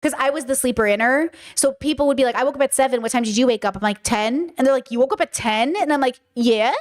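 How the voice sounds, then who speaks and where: A woman hosting a casual podcast, her voice sitting high and bright. She chats with lively energy, slipping into little acted-out exchanges as she talks. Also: fast. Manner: animated, acts out quoted exchanges. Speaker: podcast host reacting to a video. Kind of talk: casual chat.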